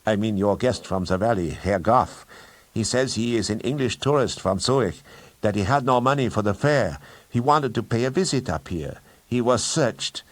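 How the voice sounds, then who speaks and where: A man's voice: lowish voice, lively intonation, normal speed, no echo, voice pushed up. A man reading an audiobook, voicing a stiff guard giving a clipped, dutiful report. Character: stiff male guard reporting to his master.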